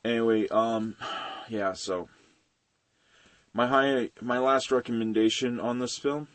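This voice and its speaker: A young man reviewing animated films in a profane, ranting style, swearing often and venting at studios. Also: mid-range voice, takes it slowly, dry recording. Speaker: video reviewer.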